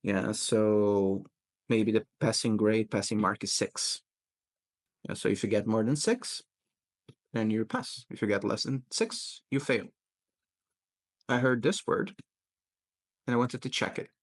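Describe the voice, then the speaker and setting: Gravelly-voiced teacher. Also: male voice, lowish voice. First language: Portuguese. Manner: patient, repeats words slowly to model pronunciation. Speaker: English teacher and podcast host. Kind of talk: pronunciation coaching in casual chat.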